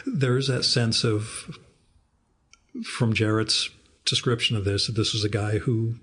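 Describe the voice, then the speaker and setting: A man's voice: fairly low pitch, fairly even intonation, unhurried, a bit bright, husky. A man in his fifties hosting a podcast, telling rambling, wry anecdotes in a casual interview. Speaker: podcast host.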